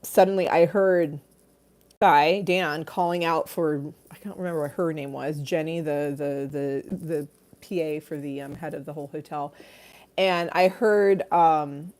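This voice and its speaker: A middle-aged woman chats through ghost stories on a livestream, her voice sitting a little low for a woman. She talks casually and laughs often, slipping into other people's voices as she retells what they said. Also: fairly even intonation, a little slow, darkish tone. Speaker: livestream host.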